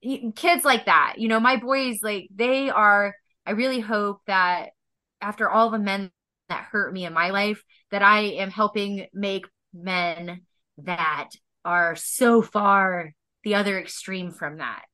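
Podcast guest, female, bright clear voice, heartfelt storyteller who laughs easily. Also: medium pitch, takes it slowly. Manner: heartfelt, laughs often, animated when telling stories. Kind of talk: personal storytelling in a podcast interview.

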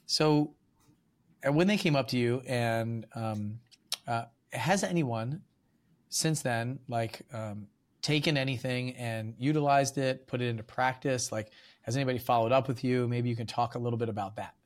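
A man's voice: mid-range voice, moderate pace. A man hosting a podcast interview, talking casually with lots of fillers and restarts. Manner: rambling with many fillers and restarts. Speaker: podcast host.

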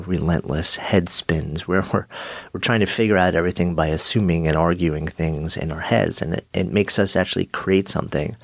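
A middle-aged podcast host with a cold and a slightly nasal voice, reflecting slowly and stressing words for emphasis in a solo monologue. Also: male voice, low voice, no echo.

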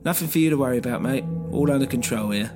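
A man voicing a guarded police officer with a quiet menace, with music underneath. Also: medium pitch, fast talker, voice pushed up, lightly acted. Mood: menacing.

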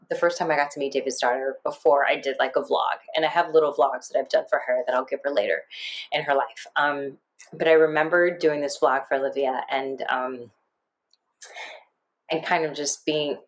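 Low-voiced woman in emotional chat. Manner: emotional, rambling, animated quoting. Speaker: podcast co-host. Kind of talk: casual podcast chat.

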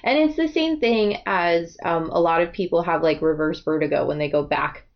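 An American woman hosts a casual book-club podcast, talking in long, rambling asides. Her voice sits a little low. The recording is dull and lo-fi, like a home podcast setup. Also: normal speed. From United States. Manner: chatty, rambling, quotes others in asides. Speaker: podcast host.

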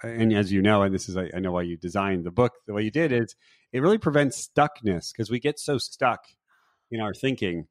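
A man's voice: on the low side, brisk, dry recording, clean studio sound. A man hosting a podcast in casual conversation, thinking aloud and repeating words as he searches for what to say. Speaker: podcast host.

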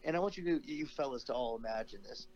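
A man's voice: mid-range voice, highs cut off, a loud crowd. Young man telling a profane story. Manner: profane, laughing anecdote with quick asides. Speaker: podcast guest. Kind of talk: casual storytelling.

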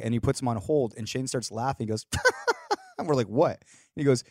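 A man hosting a podcast in casual chat, telling stories with animated acted-out voices. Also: on the high side, moderate pace, pauses often. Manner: animated storyteller, acts out voices. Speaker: podcast host.

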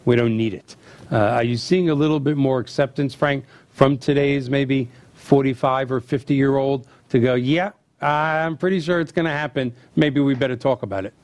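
A middle-aged man hosting a chat, telling family stories and acting out the quotes with lively energy. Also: medium pitch, moderate pace, no echo. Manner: animated storyteller acting out quotes. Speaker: host. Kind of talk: casual storytelling chat.

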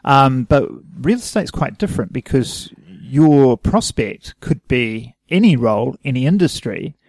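A man's voice: mid-range voice, very animated, unhurried, a little mellow, no echo. A young man with a New Zealand accent, co-hosting a casual podcast in an easygoing way and laughing readily. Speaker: podcast co-host. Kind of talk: casual chat.

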